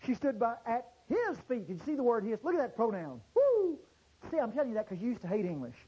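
A man preaching a sermon to a congregation, swinging from low murmurs to loud exclamations and drawing out key words. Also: big pitch swings, husky, lo-fi sound. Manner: drawn-out stressed words. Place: church service before a congregation.

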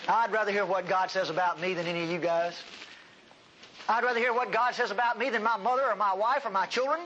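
Male pastor, high voice, lively folksy sermon delivery with humor. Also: quick pace, lo-fi sound, a little hiss or hum. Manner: animated, folksy, humorous, emphatic.

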